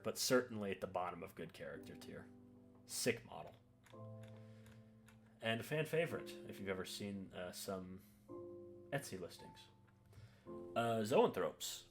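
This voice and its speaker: A man giving relaxed, offhand commentary while ranking miniatures, often saying "uh" and "eh". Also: fairly low pitch. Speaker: hobby video creator. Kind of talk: casual tier-list commentary.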